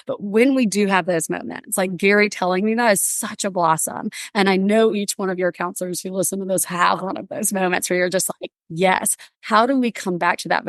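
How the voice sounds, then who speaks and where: A woman guest on a podcast, bubbly and animated, telling stories and acting out little voices in casual interview chat. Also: mid-range voice, no echo, clean studio sound. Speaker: podcast guest, workplace wellbeing speaker.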